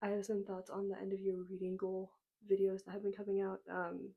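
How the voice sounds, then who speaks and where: A young woman talks casually into a small mic at home, her voice a bit hoarse from a cold. She speaks in a flat, even tone at a middling pitch, with frequent ums as she goes. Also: brisk, phone-quality sound. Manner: relaxed, frequent ums, soft-spoken. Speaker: book vlogger. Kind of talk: casual talking-to-camera vlog. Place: home room with books behind. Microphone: small clip-on mic.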